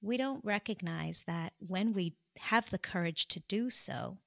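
A woman guest, a doctor, telling a personal story in an earnest, confessional way, slowing down for emphasis. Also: mid-range voice, vocal fry, a bit bright, no room sound, clean studio sound.

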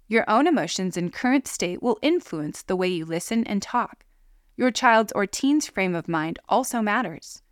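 A woman giving calm, measured scripted narration of parenting guidance. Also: medium pitch, no echo, studio quality. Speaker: parenting educator.

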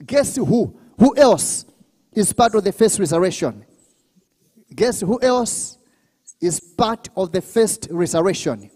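A male pastor preaching a sermon at a church service, drawing call-and-response from the congregation, with bursts of shouting and speaking in tongues. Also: sits high, expressive, slow, breathy edge, big-room sound.

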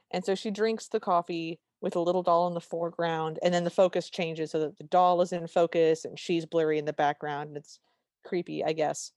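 A woman's voice: fairly low pitch, fairly even intonation, moderate pace, darkish tone, no echo. A woman co-hosting a podcast, recapping a movie in casual chat with dry, wry humor. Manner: dry, wry storytelling with quoted lines. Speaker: podcast co-host.

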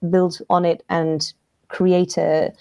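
A woman's voice: lowish voice, level tone, slow, gravelly, dark tone, dry recording. A woman talking as a guest in a casual livestream discussion, thoughtful, with many fillers and restarts.

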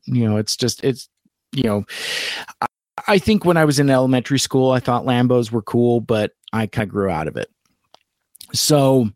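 Halting, rambling man in a dry, close recording. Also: mid-range voice, no echo. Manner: rambling, halting, many fillers and restarts. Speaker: toy reviewer and stream host. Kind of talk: casual live-stream review chat.

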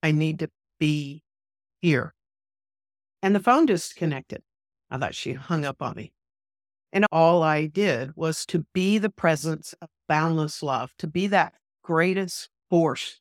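Woman, minister, podcast guest, heartfelt storytelling, acts out dialogue, lowish voice, dry close sound. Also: measured pace, no echo. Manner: animated, vivid retelling that acts out quoted dialogue. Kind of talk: personal storytelling in an interview.

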